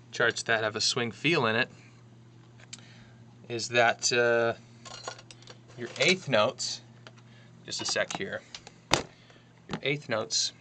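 A man teaching how to read a drum chart in a casual lesson, talking through it bar by bar and counting rhythms out loud. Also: mid-range voice, slight background noise. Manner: chatty, counts rhythms aloud, thinks out loud. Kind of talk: casual music lesson walkthrough.

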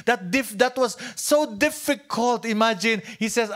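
Filipino pastor guy, high voice, goes from whispery to loud and punchy, repeats himself a lot. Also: expressive, a little slow. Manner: swings between hushed near-whispers and loud emphatic lines; repeats and restarts phrases. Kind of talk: sermon.

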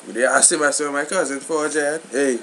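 A man's voice: a little high, fairly even intonation, a little fast, fairly bright tone, a little hiss or hum. A man in a comedic slang banter skit, rambling and laughing as he repeats "boy" and "Jed".

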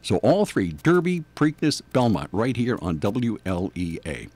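A man's voice: lowish voice, very animated, a little slow, a little mellow, no echo. An older man from New York with a New York accent, hosting a morning radio show in a rambling, chatty, self-deprecating way. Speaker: radio host. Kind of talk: casual morning radio chat.

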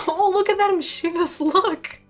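A giggly young woman chats over her game in an unhurried, high voice, often breaking into laughter. She talks to the characters as if they could hear her. Faint music plays behind her. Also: fairly even intonation, a bit bright. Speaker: gaming channel host. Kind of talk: casual let's-play commentary. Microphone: desk condenser mic.

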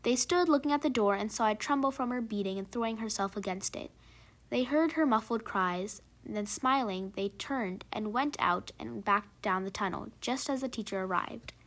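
A woman narrating a short story aloud in a measured, expressive reading. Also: a little high.

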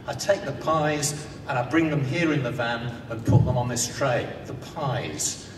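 A man voicing a plodding, literal-minded male pie seller who states the obvious, in an echoey hall from a distance with rumbling noise. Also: unhurried, natural voice. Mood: deadpan. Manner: flat and overly literal, stating the obvious.

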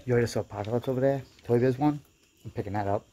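A man who collects toys, giving casual running commentary with quick, blunt verdicts and casual swearing while shopping in a toy store. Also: medium pitch, warm tone. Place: busy toy store, indoors. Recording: crowded store noise behind.

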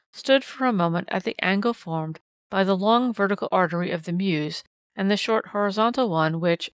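Quiet old fellow explaining a crime, low calm voice, dry sound, a lady reading. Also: dry recording, close to an everyday voice. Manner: quiet, measured storytelling. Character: quiet, nervous old man telling a case.

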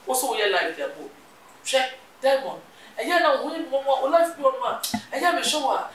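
Woman gossip host, high voice, lecturing, scolding, distant and echoey. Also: expressive, moderate pace, fairly bright tone. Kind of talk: gossip commentary. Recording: echoey room, distant mic, faint noise.

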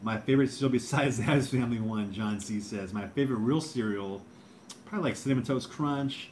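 A man's voice: mid-range voice, fairly quick, darkish tone, slight background noise. A man in his thirties hosting a casual livestream, reading out chat and rambling with lots of fillers and repeated words.

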